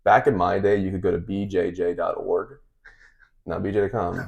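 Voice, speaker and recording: A man's voice: sits low, moderate pace, creaky. A man, chatting and telling stories as a podcast host. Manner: storytelling, relaxed and chatty. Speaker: podcast host and fight coach. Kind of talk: casual podcast chat.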